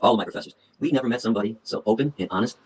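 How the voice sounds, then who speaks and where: A blunt, animated man in his fifties tells stories in a rapid-fire stream. His words tumble out with restarts and repetitions, pitched in a middle range. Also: a little hiss or hum, low-quality recording. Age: 50s. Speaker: activist speaker. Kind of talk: animated storytelling in an interview.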